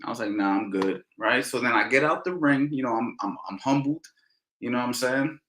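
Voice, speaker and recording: A middle-aged man coaching boxing tells stories in a loose Q&A, talking in an animated, slangy way and hammering points by repeating them. His voice sits at an ordinary pitch. The sound carries a noticeable room echo. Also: a little fast. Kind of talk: casual Q&A storytelling. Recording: roomy echo.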